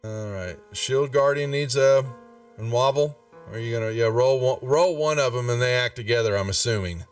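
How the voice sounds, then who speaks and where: A man's voice: medium pitch, normal speed, clear, resonant tone. A man narrating as game master in a laid-back, rambling way with many fillers. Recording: distant mic, faint music behind.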